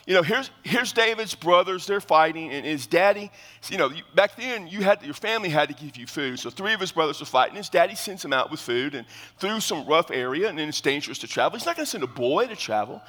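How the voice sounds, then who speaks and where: A man in his fifties preaches in a church sanctuary, his voice bright and fairly high, swinging widely up and down. He keeps it lively and joking, talking with the congregation as he preaches. Long reverb from the hall trails his words. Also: fast talker. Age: 50s. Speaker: pastor. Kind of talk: sermon.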